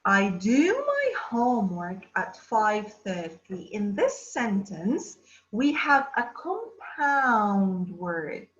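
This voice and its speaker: A woman teaching an English lesson to children, drawing out words slowly and asking the class questions. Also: medium pitch, wildly swooping pitch, a bit bright. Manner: slow, drawn-out words, addressing children. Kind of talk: distance-learning phonics lesson. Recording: roomy, dull lo-fi sound.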